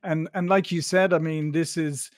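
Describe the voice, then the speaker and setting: A man's voice: on the high side, steady tone, normal speed. A man from Ireland, hosting an interview podcast in a rambling, conversational way. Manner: rambling, with many fillers and restarts. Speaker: podcast host.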